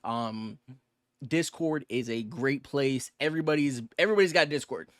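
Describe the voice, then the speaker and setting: A young man co-hosting a podcast, talking fast and loose with lots of slang, cursing and filler words. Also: mid-range voice, no room sound, studio quality. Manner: fast, rambling, slangy and profane, with many fillers. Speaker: podcast co-host. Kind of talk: casual podcast chat.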